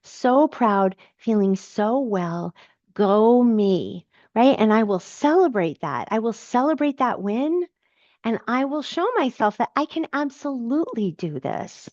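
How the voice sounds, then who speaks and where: A woman's voice: on the high side, expressive, a little slow, darkish tone, no room sound, highs cut off. A woman coach answering viewers' comments in a live Q&A, encouraging and emphatic, repeating her key phrases.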